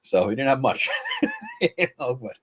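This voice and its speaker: A man's voice: mid-range voice, huge pitch swings, unhurried, fairly bright tone, slightly rough. Blunt, swearing podcast host man. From United States. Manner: blunt, swears casually, enthusiastic. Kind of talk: casual podcast chat.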